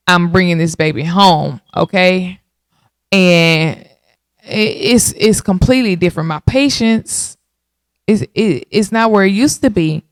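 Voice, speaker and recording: A lively woman in her late thirties tells a personal story on her podcast and keeps turning to her listeners with "y'all." Her voice is smooth and clear. The sound is dry and close, with no room around it. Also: on the low side, dry recording. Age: 30s. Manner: animated, talks straight to listeners with y'all. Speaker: podcast host.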